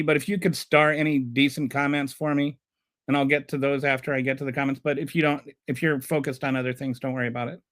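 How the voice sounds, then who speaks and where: A man's voice: fairly high pitch, fairly bright tone. A man hosting a live stream and ranting about politics. He is heated and sarcastic, and he stumbles and repeats words when he gets flustered.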